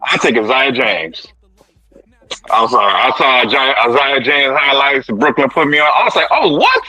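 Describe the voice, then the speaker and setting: A man chatting as a panelist on a live stream, animated, mimicking others and laughing often. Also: mid-range voice, moderate pace, no echo, rough recording. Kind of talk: casual chat.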